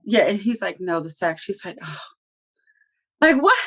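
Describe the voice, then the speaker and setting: A woman co-hosting a review show in casual chat, talking in an animated, profane way and acting out characters' lines. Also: mid-range voice, moderate pace. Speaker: TV review podcast co-host.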